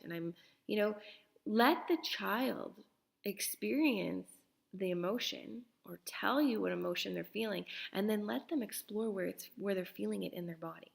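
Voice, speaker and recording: A middle-aged woman with a gravelly edge to her mid-pitched voice coaches parents in an earnest, gentle way. She often sinks into soft, near-whispered passages. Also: normal speed. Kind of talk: casual talk to parents.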